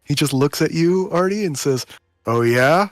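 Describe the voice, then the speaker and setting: A man narrating a tabletop game as game master in a relaxed, chuckling way. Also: on the high side, normal speed, no echo.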